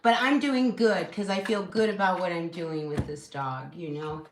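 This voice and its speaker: This woman has a lowish voice and talks at a normal speed while leading an informal tarot reading live from her home. She's warm, talkative and supportive, dropping "you know" again and again, and the room sounds echoey with constant noise.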